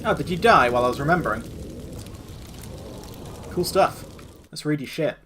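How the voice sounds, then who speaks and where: A man's voice: fairly high pitch, expressive, normal speed, fairly bright tone, slight background noise. A man streaming a video game, giving sarcastic, rambling, sweary commentary. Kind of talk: let's-play commentary.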